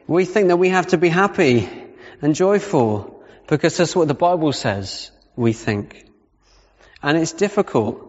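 A man's voice: on the high side, a little mellow. A man giving a conversational sermon, reading Bible passages aloud and breaking off to rephrase. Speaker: preacher. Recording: muffled sound with long reverb in a hall.

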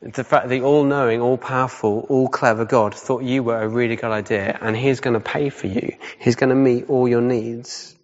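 A man's voice: medium pitch, steady tone, moderate pace, hardly any pauses. A man preaching a sermon in a casual, conversational way, often checking in with "yeah?" and repeating his key points. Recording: dull sound with long hall reverb.

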